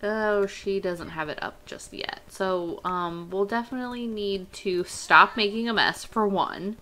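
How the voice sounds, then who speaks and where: A woman's voice: mid-range voice, animated, normal speed, few pauses, fairly bright tone, faint music behind. A woman hosting a let's play, chatting casually and thinking aloud with many fillers as she plays. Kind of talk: casual gameplay commentary.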